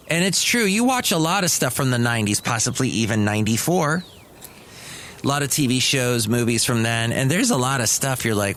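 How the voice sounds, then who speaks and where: A man's voice: mid-range voice, animated, a little fast, a bit bright, a little hiss or hum. Wry rambling male podcast host. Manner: wry, meandering, chatty. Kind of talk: rambling solo comedy podcast.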